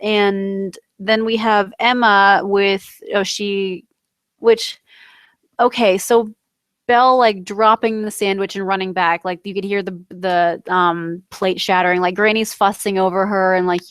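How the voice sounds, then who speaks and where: A young woman from the United States, recapping a TV episode in a rambling, excitable way full of fillers and self-corrections. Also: mid-range voice, clear, resonant tone, no room sound. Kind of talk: casual chat.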